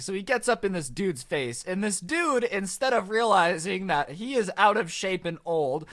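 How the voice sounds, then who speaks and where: A chatty man narrating a storytime over gameplay, with a voice a bit higher than most men. He rambles in an animated way, full of fillers and asides. It sounds like casual talk straight to his viewers. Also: normal speed, few pauses. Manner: chatty, animated, lots of likes.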